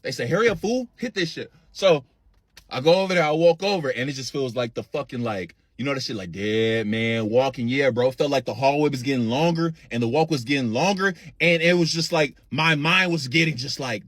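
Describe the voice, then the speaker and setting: A young man telling a comic story, slangy and animated, acting out what others said. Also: medium pitch, a little fast, dry recording. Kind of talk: storytelling stand-up.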